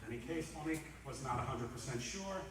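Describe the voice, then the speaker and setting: A man giving a comic roast speech in a large banquet hall, telling stories in a lively way and acting out the characters. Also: medium pitch, brisk. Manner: lively storyteller, acts out the characters. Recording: echoey hall, distant mic.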